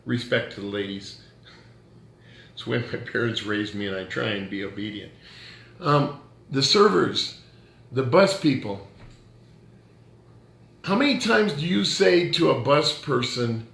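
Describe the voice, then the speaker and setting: Gravelly-voiced pastor preaching casually. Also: male voice, mid-range voice, animated, unhurried, long pauses, fairly bright tone, reverberant. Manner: joking, direct challenges to listeners. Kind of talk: conversational sermon.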